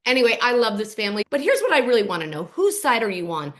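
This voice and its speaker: Female host, gossipy recap, dramatic delivery, raised pitch with lively swings. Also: fast, few pauses. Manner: animated, dramatic storytelling.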